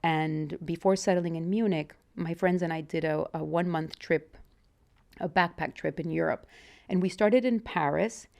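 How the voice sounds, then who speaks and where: A woman's voice: low voice, normal speed, gravelly, a little mellow. A woman in her forties with a Mexican accent, a guest in an interview, telling her life story candidly and reflectively, with frequent restarts. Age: 40s.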